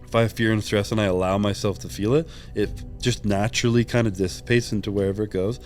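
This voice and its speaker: A man speaking candidly in an interview, retelling his conversations in a quick, open way. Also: lowish voice, steady tone, soft background music. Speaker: interviewed athlete.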